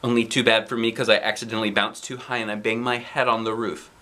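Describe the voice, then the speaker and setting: A man reading a children's book aloud, playful and animated, with little asides. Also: on the low side, fast talker. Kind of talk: storybook read-aloud.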